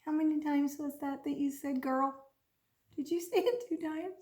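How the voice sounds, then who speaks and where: A woman teaching a children's speech lesson, encouraging and slowly over-articulating each prompt. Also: sits high, a little mellow. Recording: echoey room.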